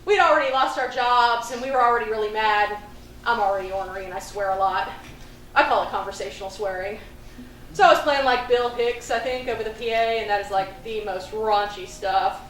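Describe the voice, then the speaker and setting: A woman's voice: medium pitch, a little fast, a bit bright, close to an everyday voice. A woman playing an ornery male record store manager who swears freely, in a live solo theatre monologue. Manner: casual, blunt, swears freely. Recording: roomy, distant stage recording with faint noise.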